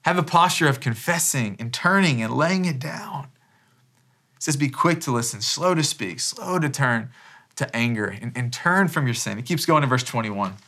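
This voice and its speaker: A man's voice: medium pitch, expressive, normal speed, pushed and bright. A pastor in his thirties preaching a sermon in a casual, conversational way, often restarting phrases and dropping in "man" as an aside. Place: church.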